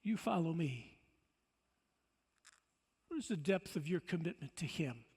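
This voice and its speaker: A man's voice: a little high, lively intonation, measured pace, darkish tone, breathy edge. A man pastor preaching a sermon in a church, emphatic, with rhetorical questions and stammering restarts. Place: church sanctuary. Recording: long church reverb.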